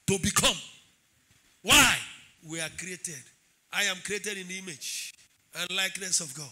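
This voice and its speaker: A man preaching a sermon as pastor, calling out to the congregation and building into shouted declarations. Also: high-pitched. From Nigeria. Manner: preaching with call-and-response, swelling into shouted declarations.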